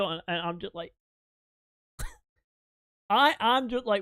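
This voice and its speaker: A man's voice: fairly high pitch, animated, normal speed, fairly bright tone, no room sound. Profane rambling male streamer, dry close mic. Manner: profane, rambling, laughing storyteller. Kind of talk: casual storytelling to chat.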